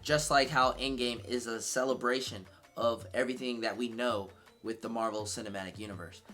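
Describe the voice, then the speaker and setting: A man giving a casual, excitable movie review, swearing freely as he reacts. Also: medium pitch.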